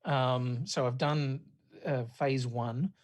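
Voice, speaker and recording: A man's voice: medium pitch, slow. A man co-hosting a podcast, chatting casually about films, swearing freely and rambling with restarts. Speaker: podcast co-host. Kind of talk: casual film chat.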